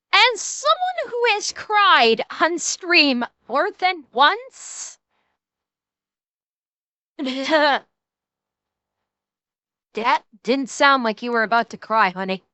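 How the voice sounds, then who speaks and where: A woman with a high, bright voice chats and riffs sarcastically, speaking straight to her viewers. The sound is dry and close to the microphone, with no room behind it. She keeps a loose, live-stream rhythm. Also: big pitch swings, unhurried, dry recording. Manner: chatty, sarcastic, talks straight to chat. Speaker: streamer reacting to a video. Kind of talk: casual live-stream commentary.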